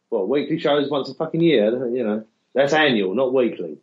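A man's voice: medium pitch, moderate pace, darkish tone. A man with an English accent co-hosting a casual podcast in a laid-back, sardonic way. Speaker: podcast co-host. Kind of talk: casual chat. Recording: dull lo-fi audio.

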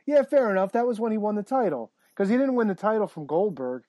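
A man hosting a casual podcast, swearing freely and rambling excitedly while reading out listener comments. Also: sits high, fast talker, dry recording. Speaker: podcast host. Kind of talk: casual chat.

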